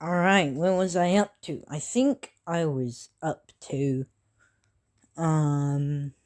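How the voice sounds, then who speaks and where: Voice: mid-range voice, takes it slowly, darkish tone. Rambling casual fan storyteller. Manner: rambling, loose and unscripted, full of self-corrections; casual with frequent swearing. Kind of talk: improvised fan-fiction retelling.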